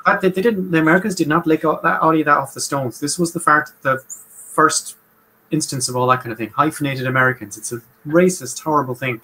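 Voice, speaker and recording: A man's voice: on the high side, fairly quick, pushed and bright, husky, rough recording. A man co-hosting a casual history podcast, making sarcastic, joking asides. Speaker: podcast co-host.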